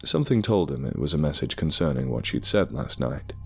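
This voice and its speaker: A man narrating a horror story with expressive storytelling. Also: rumbling low, fairly quick, creaky, breathy edge. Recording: dark music underneath.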